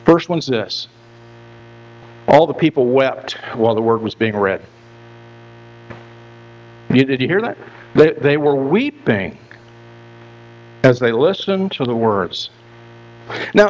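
A man's voice: on the high side, sing-song, measured pace, pauses often. A man preaching a sermon as pastor, earnest and repetitive, often restarting his phrases. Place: church. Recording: dull lo-fi with mains hum.

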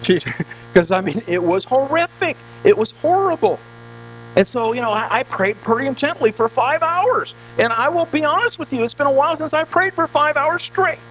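A pastor preaching a conversational sermon in a church, often repeating words and asking the congregation questions. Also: male voice, very high-pitched, lively intonation, moderate pace, a bit bright. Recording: dull lo-fi recording with mains hum.

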